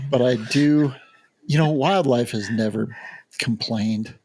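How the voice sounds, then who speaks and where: A man's voice: mid-range voice, darkish tone, slight background noise. Dry-humored man in his fifties. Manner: dry, joking, unhurried. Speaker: guest wildlife photographer. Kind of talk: casual podcast chat.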